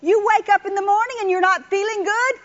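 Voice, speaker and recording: High-voiced woman preaching folksily. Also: steady tone, a little fast. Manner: chatty, exhorting, laughs often. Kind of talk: folksy sermon with personal stories. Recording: dull lo-fi recording.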